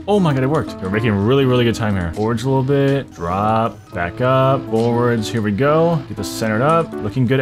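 A man giving casual, excitable gameplay commentary, swearing a lot and breaking into loud frustrated outbursts. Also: medium pitch. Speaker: gaming video creator.

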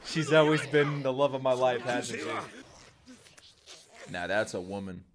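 A young man reacting to an anime episode, excitable and profane, yelling at the characters on screen. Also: mid-range voice, a little slow, a crowd in the background. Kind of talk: live anime reaction commentary. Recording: music from the show playing behind.

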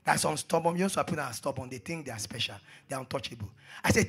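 A man preaching a sermon, repeating phrases and swinging between hushed asides and shouted exhortations. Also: fairly high pitch, fast talker, creaky, slightly rough, soft background music.

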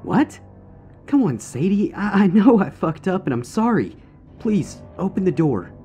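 A monster posing as a sweet-talking boyfriend stallion , voiced by a man. The voice sits fairly high and swings widely in pitch, coaxing and pushy, with soft music behind. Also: very animated, unhurried. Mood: pleading. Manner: pleading, then threatening.

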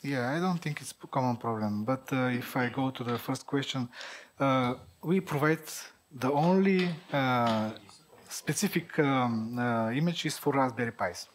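A man answering audience questions at a tech conference, halting, with many fillers and restarts, a native Bulgarian speaker. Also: medium pitch, slight background noise.

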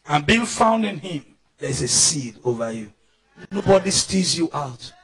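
Nigerian man preaching loud, bright piercing tone, keeps shouting and asking the crowd to answer. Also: a little high, very animated, normal speed. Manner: fervent preaching, often shouting and calling for responses. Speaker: pastor. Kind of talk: sermon.

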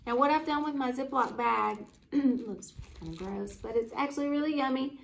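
A woman's voice: high-pitched, normal speed, vocal fry. A woman hosting a children's library club, reading a story aloud and showing a simple craft in an upbeat, kid-friendly way.

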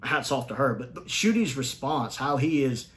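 Speaking at a moderate pace with a slightly bright, expressive voice, a man gives an informal, opinionated review of a TV episode. He thinks as he talks, restarts often and lifts his pitch sharply for emphasis.

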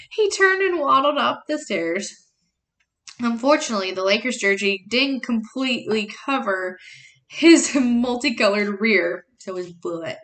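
A woman reading a novel chapter aloud as a teacher, plain and unhurried, correcting herself and adding short explanations. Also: a little high, lively intonation, fairly bright tone.

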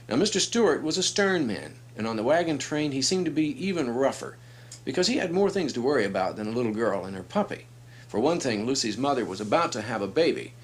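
A man giving a friendly, explanatory introduction to a children's book. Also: medium pitch. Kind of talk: casual spoken introduction.

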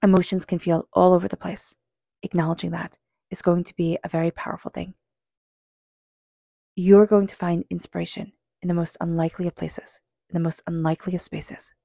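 A woman giving a psychic tarot reading, earnest and speaking straight to the listener, calm with slow passages. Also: on the low side, gravelly, no room sound, clean studio sound. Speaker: tarot reader.

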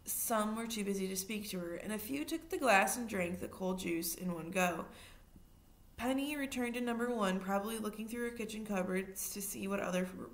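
A woman reading a children's novel aloud in steady narration, now and then adding a short aside to her listeners. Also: mid-range voice, normal speed. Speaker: reader.

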